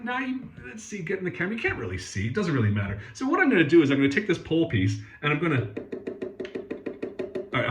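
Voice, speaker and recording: Sweary rambling guitar tech, lively pitch. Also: male voice, roomy sound, slight background noise. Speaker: guitar technician and channel host. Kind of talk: casual ranting demo. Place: workshop.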